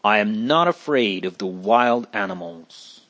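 A man voicing a brave, gray-haired old bishop who answers calmly and steadily in a read-aloud story. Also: lowish voice, measured pace. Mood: calm, steadfast. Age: older. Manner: calm, steadfast.

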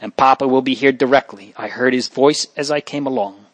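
A man's voice: mid-range voice, steady tone, fairly quick, no echo, lightly acted. A man voicing a brave young nobleman boy who speaks with earnest urgency. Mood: urgent.

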